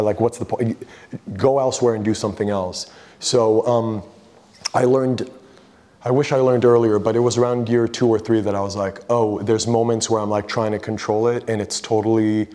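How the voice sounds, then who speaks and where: A man giving a casual artist talk as a photographer, telling a story with lively quoted voices and frank swearing. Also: lowish voice.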